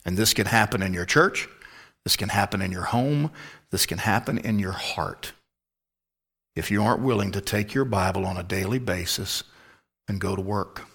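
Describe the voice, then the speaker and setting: A male pastor preaching an expository sermon, emphatic, sometimes dropping to a hushed whisper for stress. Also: fairly low pitch, moderate pace, slightly rough.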